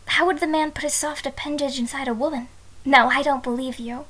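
A woman's voice: sits high, fairly even intonation, fairly bright tone, low-quality recording. A woman playing a shy, innocent young bride in an audio role-play, speaking hesitantly and sometimes dropping to a whisper. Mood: bashful curious. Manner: hesitant, halting, drops to whispers.

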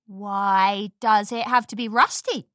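A woman voicing a brave young filly pony who talks eagerly and earnestly in a raised, bright voice. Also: medium pitch, fairly even intonation, slow, no room sound. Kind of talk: storybook character voice.

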